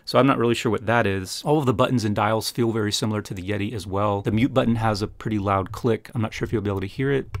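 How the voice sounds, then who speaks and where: A man reviewing microphones in a small home room, talking close to a USB condenser mic on his desk and explaining each test step by step in a relaxed, plain way. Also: on the low side, quick pace, no room sound. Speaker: tech reviewer. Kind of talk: casual mic test demonstration.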